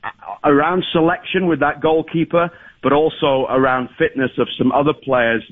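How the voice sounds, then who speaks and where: A man's voice: on the high side, fairly even intonation, normal speed, no echo. A man giving soccer analysis as a guest on a phone call. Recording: phone-line audio.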